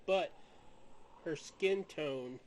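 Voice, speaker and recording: A man narrating as game master of a tabletop game over a video call, describing things slowly with restarts. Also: on the high side, a little hiss or hum. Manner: slow, halting descriptions with restarts. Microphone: home microphone on a video call.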